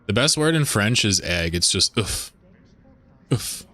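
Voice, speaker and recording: A man's voice: fairly low pitch, lively intonation, a little slow, pushed and bright. A man live-streaming a game, chatting casually and joking with viewers, swearing now and then.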